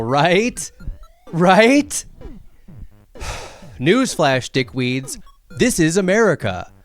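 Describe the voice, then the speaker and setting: A man giving a sarcastic, profane comedic rant, arguing back and forth with imagined hecklers and building to heated indignation. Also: medium pitch. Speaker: political comedy essayist.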